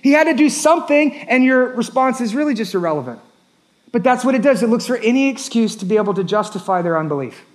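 A man's voice: very high-pitched, animated, fast talker. A man preaching a sermon as a pastor, emphatic and repetitive, rising and dropping his voice for effect.

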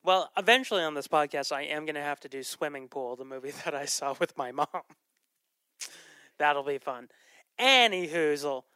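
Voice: mid-range voice, animated, normal speed, pushed and bright, clean tone, no echo. A podcast host in a casual movie chat, talking loosely with ums and frequent laughs. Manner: chatty, laughs often, trails off with ums.

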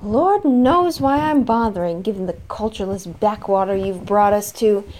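A woman's voice: medium pitch, moderate pace, a little mellow, slight background noise, lightly acted. A woman voicing a haughty, fussy wife who snaps and sniffs in disdain. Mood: disdainful.

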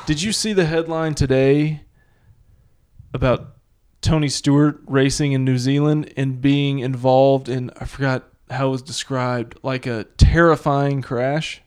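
A man with a mid-pitched voice co-hosting a loose chat show. He tells stories with sarcastic exaggeration and fires back quick comebacks. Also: level tone, darkish tone, smooth. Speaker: podcast co-host. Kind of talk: casual banter.

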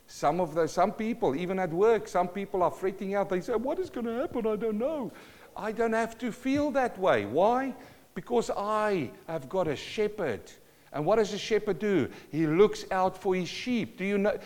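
A man's voice: on the high side, a little mellow, big-room sound. A man preaching a sermon, emphatic and calling out to the congregation for responses.

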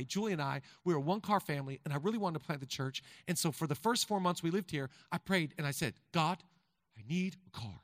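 A high-pitched man preaching to his congregation, his voice bright and forceful. He moves from easy conversational storytelling to fervent, shouted exhortation. The mic is close and dry, with a long hall reverb behind it. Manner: conversational, builds to shouting fervor. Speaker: pastor. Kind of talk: sermon. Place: large church hall.

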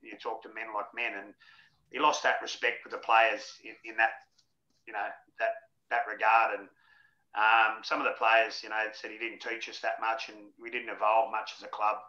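A blokey man in his forties yarns frankly and jokily as an interview guest, his voice bright and forceful. The audio sounds roomy and a little dull. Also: lowish voice, little pitch movement, normal speed. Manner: blokey, frank and jokey, laughs through anecdotes. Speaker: interview guest, former rugby league player. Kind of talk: casual storytelling interview.

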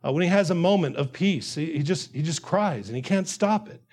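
Male preacher, sermon, earnest, high voice, very animated pitch. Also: brisk. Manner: earnest, repeats phrases, acts out quotes.

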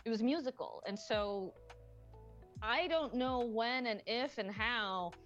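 A woman's voice: fairly high pitch, takes it slowly, fairly bright tone, lo-fi sound, soft background music. A woman co-hosting a podcast in casual chat. She rambles, uses lots of fillers and swears freely. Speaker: podcast co-host.

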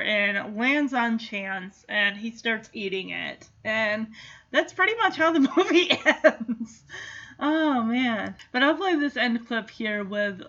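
A woman's voice: a little high, a bit bright. A woman casually recapping a family film in a chatty, giggly, enthusiastic way, with dull lo-fi sound. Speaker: film reviewer.

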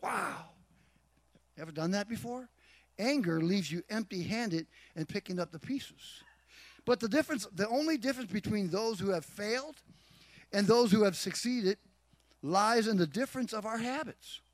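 A man's voice: high voice, lively intonation, normal speed, dry recording. A middle-aged man preaching a sermon, emphatic, asking the congregation rhetorical questions. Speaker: pastor.

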